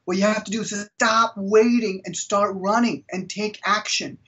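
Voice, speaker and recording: Energetic middle-aged man, distant mic. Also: high voice, moderate pace. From India. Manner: energetic, animated storyteller. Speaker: author and speaker, interview guest. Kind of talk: storytelling in an interview.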